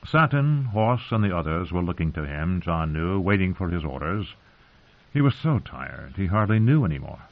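Grave male fantasy narrator, low voice, lo-fi phone-like sound. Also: very animated. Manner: measured, grave storytelling. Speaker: audiobook narrator. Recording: tinny phone-like audio.

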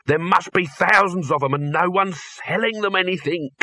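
A man's voice: high voice, normal speed, sharp tone, no room sound, pitched above the performer's own voice, full character voice. A man voicing a rueful street hawker who sighs over a missed chance to sell. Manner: sighing, rueful. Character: wheedling street hawker man, mournful salesman.

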